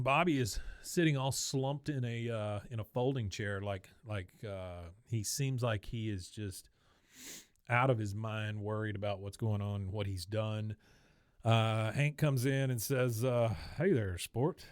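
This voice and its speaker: A man's voice: on the low side, fairly even intonation, unhurried, clear, resonant tone, no echo, clean studio sound. A man co-hosting a podcast, casually recapping a cartoon episode and reading out the characters' lines.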